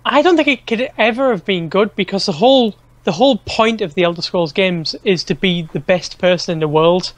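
A man on a relaxed gaming podcast. He is blunt and dismissive about the games he talks over. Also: high-pitched, brisk, hardly any pauses, dry recording. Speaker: podcast co-host. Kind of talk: casual chat.

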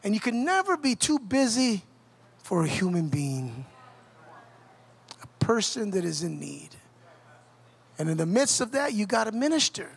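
A man with a Southern Californian accent preaching a passionate sermon as pastor, building to shouts and then dropping low. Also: very animated, measured pace, creaky, pauses often, husky.

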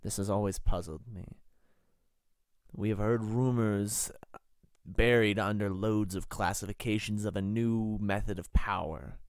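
A man's voice: on the low side, steady tone, clean tone, no room sound, studio quality. A man playing a courteous learned official. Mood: pondering. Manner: measured, hesitant, courteous. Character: formal, learned male official briefing adventurers.

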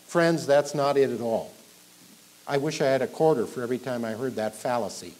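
A man preaching a verse-by-verse sermon as pastor, building up with emphasis and then dropping low at the ends of lines. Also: a little mellow. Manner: teaching verse by verse, emphatic rises, trailing off low at line ends. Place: church sanctuary.

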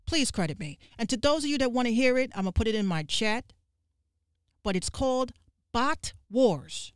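A woman podcast host ranting on a livestream, profane and fiery, with quick asides to her viewers. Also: on the high side, clear, resonant tone, no echo, clean studio sound. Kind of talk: livestream rant.

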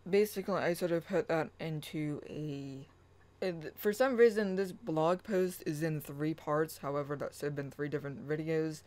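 A spiritual vlogger talking in a halting way with many pauses, then reading a blog post aloud in a soft, chant-like manner. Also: medium pitch, poor audio.

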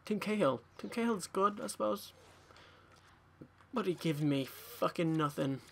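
A man's voice: sits high, animated, measured pace, gravelly, slight background noise. Sweary young man muttering. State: tired, yawning. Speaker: gaming YouTuber. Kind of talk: pack-opening commentary.

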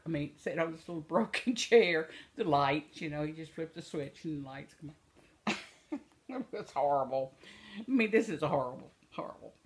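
An older woman spinning homespun anecdotes for her followers. She rambles from one aside to the next and keeps laughing at her own tales as she goes. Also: sits low. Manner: laughs often while telling stories. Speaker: vlogger. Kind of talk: casual storytelling.

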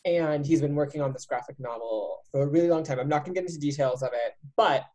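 A woman's voice: low-pitched, quick pace, mellow, low-quality recording. A woman hosting a casual chat, talking in a loose, laughing way with many fillers. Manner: chatty, laughing, lots of likes. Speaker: podcast host.

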